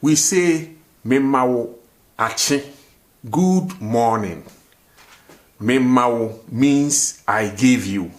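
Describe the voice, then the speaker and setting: A male language teacher hosts a lesson in a medium-pitched, expressive voice, speaking very slowly with long pauses. He repeats phrases and keeps posing rhetorical "what?" questions before supplying the answer, making the lesson slow and repetitive.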